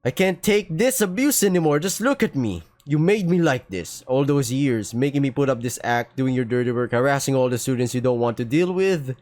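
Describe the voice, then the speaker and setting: A man's voice: medium pitch, lively intonation, fairly quick, few pauses, a little mellow, natural voice. A man voicing a manipulative young woman student who pleads dramatically, reading a visual novel aloud. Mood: pleading.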